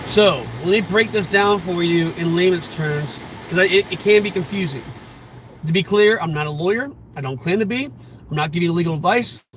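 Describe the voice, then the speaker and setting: A man's voice: high voice, moderate pace, fairly bright tone, a little hiss or hum, low-quality recording. A firearms instructor talking in a casual explanatory vlog from his car, in plain words with many restarts and fillers. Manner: conversational, plain-spoken, frequent restarts and fillers.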